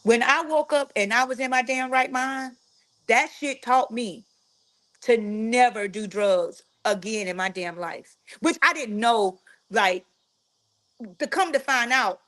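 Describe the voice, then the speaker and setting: Frank, animated woman telling a story. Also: a little high, a little slow. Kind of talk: casual storytelling to followers.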